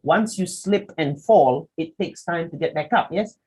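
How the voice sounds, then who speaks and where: Animated Malaysian-accented male workshop trainer. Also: fairly high pitch, unhurried, breathy edge, rough recording. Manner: chatty, animated and demonstrative, with frequent asides. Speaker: public speaking workshop trainer. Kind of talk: lecturing a workshop.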